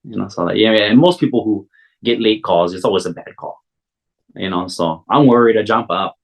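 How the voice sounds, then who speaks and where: A man's voice: fairly low pitch, normal speed, vocal fry, rough recording. A man in his forties with a Hawaiian accent, telling a personal story in casual, rambling talk full of "you know" fillers.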